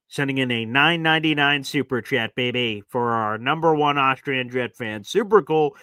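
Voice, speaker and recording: A man in his thirties hosting a live fan show, chatting in an animated way that swings from hype to heartfelt. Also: mid-range voice, moderate pace, few pauses, clear, resonant tone, no echo. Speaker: sports podcast host.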